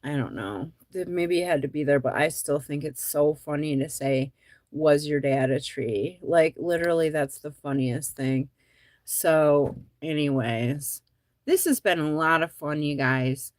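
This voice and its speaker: Speaking a little slowly in a low voice, a female comedian hosting a show chats casually to viewers, rambling with lots of likes and ums and frequently laughing at her own jokes. There's no echo on the recording.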